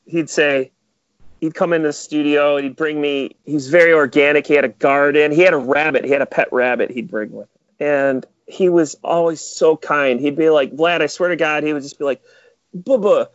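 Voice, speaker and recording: A man producer in casual interview chat, animated and full of filler words. His voice sits a touch high. The recording is dry and dull, like lo-fi podcast audio. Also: moderate pace, no room sound. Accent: Metro Detroit. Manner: animated storyteller, many "like" fillers. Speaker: music producer.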